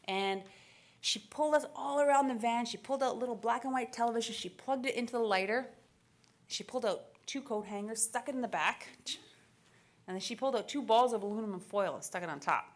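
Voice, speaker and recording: A woman in her thirties from Canada, giving an animated, story-driven keynote speech at a conference, laughing often and acting out the dialogue. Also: fairly high pitch, brisk. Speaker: keynote speaker. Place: conference stage.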